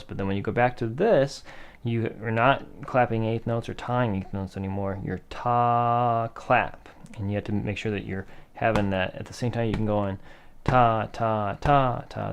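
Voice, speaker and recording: Gravelly-voiced guy teaching rhythm, patient and step by step, quizzes himself as he goes. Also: on the low side, steady tone, brisk. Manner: patient, methodical, asks and answers own questions. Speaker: music teacher. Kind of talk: classroom rhythm lesson.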